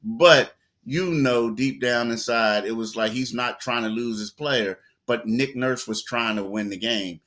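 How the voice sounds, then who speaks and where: Bright-voiced man breaking down a game. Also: mid-range voice, unhurried, few pauses. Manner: animated storyteller, acts out quotes, repeats words. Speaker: sports reporter guest. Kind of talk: casual sports talk.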